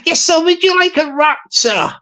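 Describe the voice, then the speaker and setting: A man's voice: extremely high pitch, expressive, normal speed, sharp tone, pitched above the performer's own voice, heavily acted. A man voicing an overly polite male shop worker who keeps calling the customer sir. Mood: fawning. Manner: fawning, repeats "sir". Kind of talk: comic impression in a live stream.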